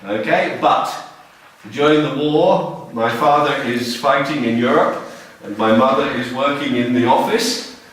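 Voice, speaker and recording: A man in his sixties with an English accent, teaching a class in simple, slow phrases and often checking that students follow. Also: mid-range voice, fairly bright tone, a little hiss or hum. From England. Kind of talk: classroom lesson. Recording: echoey classroom, mic far off.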